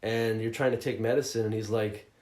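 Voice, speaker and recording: A man's voice: on the low side, a little fast. Profane man telling a story, roomy echo. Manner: profane, animated storytelling with mocking quoted voices. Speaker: podcast host reviewing a game. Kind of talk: casual chat. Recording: roomy echoey room.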